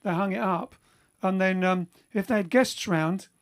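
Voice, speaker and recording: A man with a high voice and moderate pace hosts a livestream for his band from home during lockdown. He chats casually and reads out viewer comments, rambling and often restarting amid plenty of fillers.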